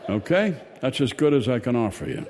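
A man voicing a gruff, cynical female fish statue that talks bluntly and wisecracks. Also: medium pitch, very animated, brisk, a little mellow, some chatter behind, a little hiss or hum, lightly acted. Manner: blunt, world-weary, wisecracking.

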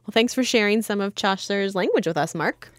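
A woman's voice: mid-range voice, brisk, no echo, clean studio sound. A woman hosting a science show for children, leading into questions and answers in an upbeat way. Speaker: host.

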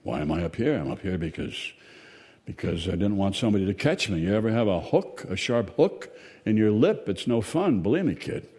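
A man voicing a gruff, cynical female fish statue that talks bluntly and wisecracks. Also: fairly low pitch, very animated, fairly quick, mellow. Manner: blunt, world-weary, wisecracking.

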